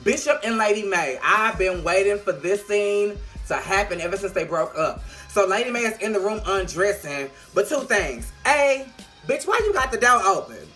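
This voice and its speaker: Woman vlogger, sassy, profane, animated, bright sharp voice, faint music behind. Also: mid-range voice, normal speed. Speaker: TV show reviewer. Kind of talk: casual video review.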